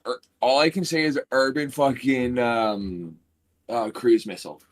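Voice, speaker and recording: A man's voice: medium pitch, unhurried. Man, gaming-stream co-host, easygoing storyteller, dry humor, casual cursing. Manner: laid-back storyteller with a dry tease, swears casually. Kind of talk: casual chat.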